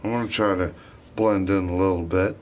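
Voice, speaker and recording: A man's voice: sits low, fairly even intonation, brisk, a little hiss or hum. A man talking alone in a rambling vlog monologue, swearing often and drifting between thoughts. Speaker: vlogger.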